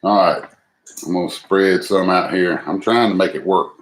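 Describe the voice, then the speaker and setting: Speaking at normal speed with a low voice and fairly even intonation, a man hosts a cooking livestream. The home recording is noisy, and he stays folksy and self-deprecating, chatting with viewers throughout his cooking.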